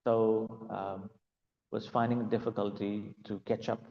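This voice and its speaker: A man's voice: lowish voice, flat delivery, unhurried, echoey room, in a large hall, lo-fi sound. A man giving a devotional class and telling a story, hesitant and full of fillers. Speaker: class speaker.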